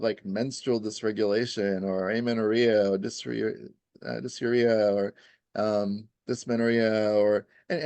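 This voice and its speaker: A man's voice: fairly low pitch, a little mellow, no echo. A man who practises Ayurveda, explaining in a rambling, casual way, full of "you know" and "right?" and little acted-out quotes.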